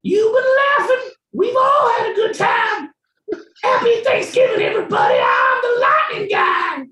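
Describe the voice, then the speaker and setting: Shrill, shouting party mascot, tipsy and cranky when sober; bright, piercing, distant sound. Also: male voice, wildly swooping pitch, moderate pace, reverberant, full character voice. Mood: rowdy.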